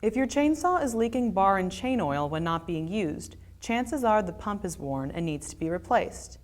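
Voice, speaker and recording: A woman reading a scripted voice-over that gives measured, step-by-step repair instructions. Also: mid-range voice, big pitch swings. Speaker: narrator of a repair video.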